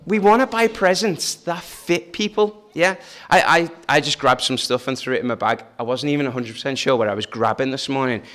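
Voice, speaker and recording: A man's voice: mid-range voice, brisk, few pauses, fairly bright tone. A man leading a family church service, talking in a chatty, joking way and asking the children questions. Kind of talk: informal family service talk.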